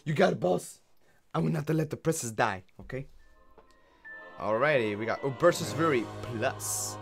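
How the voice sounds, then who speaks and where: A man's voice: mid-range voice, lively intonation, normal speed, gravelly. Guy streaming a game, rambling and goofy, laughs a lot, faint game music behind. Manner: rambling, jokey, laughs often. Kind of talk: casual gameplay commentary.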